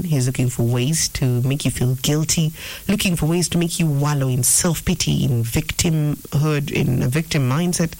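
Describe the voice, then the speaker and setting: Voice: medium pitch, darkish tone, no echo, low-quality recording. A preacher teaching an informal sermon, earnest and repeating phrases for emphasis. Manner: acts out inner voices in quotes. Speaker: preacher answering a viewer question.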